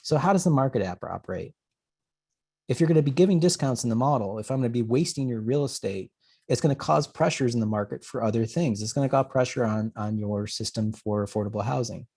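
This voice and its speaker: A man, an urban planner, giving a webcast presentation and telling stories with a lively, animated delivery. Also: medium pitch, fast, husky. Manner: animated storyteller who acts out conversations. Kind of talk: presentation webcast, data-driven storytelling.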